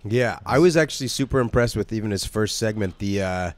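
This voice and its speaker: Laid-back low-voiced male comedian. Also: lively intonation, a little fast, no room sound. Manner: candid, laid-back, jokey. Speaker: comedian guest. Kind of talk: casual interview chat.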